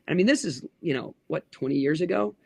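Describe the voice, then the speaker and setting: Lively storytelling pastor, higher-pitched man. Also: brisk, creaky, slightly rough, no echo, studio quality. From United States. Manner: animated storyteller with many restarts and acted quotes. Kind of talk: casual interview talk.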